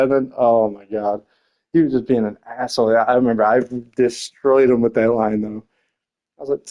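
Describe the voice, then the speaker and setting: A man's voice: mid-range voice, moderate pace, warm tone, lo-fi sound. A young man telling rambling stories in casual chat, laughing often, swearing and filling his talk with slang.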